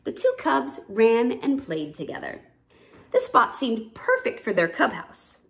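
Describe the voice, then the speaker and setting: A woman reading a children's picture story aloud in a warm, lively storytelling manner. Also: a little high, measured pace, creaky.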